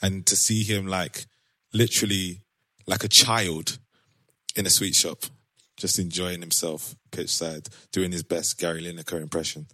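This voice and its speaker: A man with a fairly low voice hosts a relaxed podcast chat. He laughs easily and leans on slang. The sound is dry and close. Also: unhurried, no echo. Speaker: podcast host. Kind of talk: casual chat.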